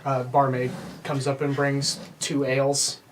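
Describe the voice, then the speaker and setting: A man's voice: medium pitch, monotone, unhurried, a little hiss or hum. A man narrating and running a tabletop role-playing game as game master, laughing often.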